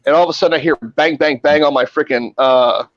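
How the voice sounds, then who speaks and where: A man's voice: fairly high pitch, quick pace, dry recording, highs cut off. A man who works in a hospital emergency room, telling stories in a casual group chat, swearing freely and acting out the people in them. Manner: animated, swearing, acts out voices in his stories.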